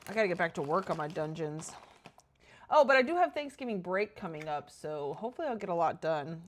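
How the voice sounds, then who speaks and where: A woman chatting casually with her viewers while playing a game, excitable and talking to herself as she goes. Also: on the low side, a little hiss or hum. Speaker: game streamer.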